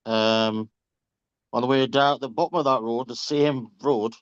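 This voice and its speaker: A man's voice: mid-range voice, steady tone, a little slow, smooth, dry recording. A man casually telling anecdotes to his group, swearing freely and laughing as he goes. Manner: chatty, swears freely, laughs through stories. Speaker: reading group member on a group call. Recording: slightly dull, dry lo-fi call audio.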